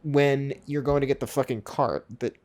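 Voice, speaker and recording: A man's voice: medium pitch, moderate pace. A man co-hosting a casual podcast, telling jokey stories and swearing freely. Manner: joking, profane, animated storyteller. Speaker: podcast co-host.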